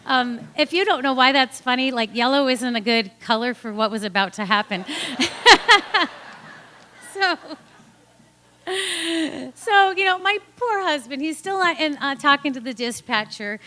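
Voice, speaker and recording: A woman with a bright, ringing voice sitting a little high in pitch tells a true story from her own life to a live audience. She is animated, laughs often, and slips into different voices whenever she quotes someone. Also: unhurried, long pauses.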